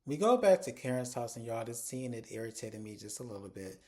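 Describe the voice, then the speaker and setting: A man with a mid-range voice reviews a TV episode in an animated, frank way, talking straight to his viewers. When he quotes the characters, his pitch jumps up to mimic the women. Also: brisk. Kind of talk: casual episode recap.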